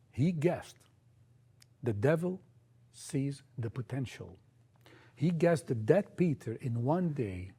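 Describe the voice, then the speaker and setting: A man preaching a sermon, emphatic, often repeating key phrases and sometimes halting and restarting. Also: medium pitch, dark tone, breathy edge.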